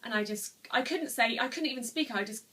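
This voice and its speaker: A woman's voice: on the high side, a little fast, sharp tone, distant mic. A woman in her twenties telling a personal story to camera at home, earnest and rambling with many restarts. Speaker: vlogger. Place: room at home, seated.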